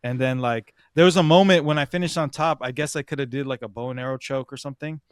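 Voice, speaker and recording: A man's voice: medium pitch, fast, clear, resonant tone. A young man casually telling a competition story on a podcast, slangy and swearing, calling his listener "bro" over and over. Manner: slangy, swears a lot, says "bro" often. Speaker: podcast host.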